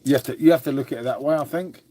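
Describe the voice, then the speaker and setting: A man's voice: medium pitch, rapid-fire, mellow. A man from England hosting a casual live stream from home, rambling and calling viewers "mate". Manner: rambling, repeats "mate" and "shall we say". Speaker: livestream host. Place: at home indoors.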